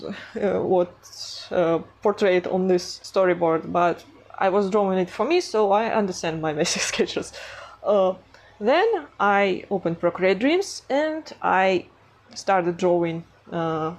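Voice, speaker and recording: Slow, hesitant woman with a foreign accent. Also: lowish voice, darkish tone. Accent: non-native English accent. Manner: hesitant, many fillers, self-conscious giggling. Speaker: animation artist vlogger. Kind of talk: casual vlog narration.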